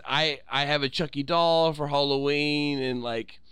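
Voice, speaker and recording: A man in his thirties co-hosting a podcast, retelling scenes with lively acted-out quotes. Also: fairly high pitch, measured pace, clean tone, no room sound. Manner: animated storytelling, acts out quotes. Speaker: podcast co-host. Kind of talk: casual chat.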